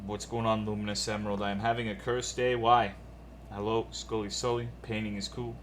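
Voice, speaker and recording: Male streamer, lowish voice, laid-back, profane, reading chat names. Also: level tone, a little fast, a little hiss or hum. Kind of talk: casual live-stream chat.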